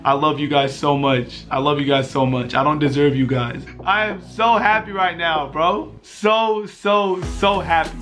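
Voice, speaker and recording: A young man vlogging, talking earnestly and with deep feeling to his viewers and repeating himself as he thanks them. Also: a bit bright. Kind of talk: emotional thank-you to viewers.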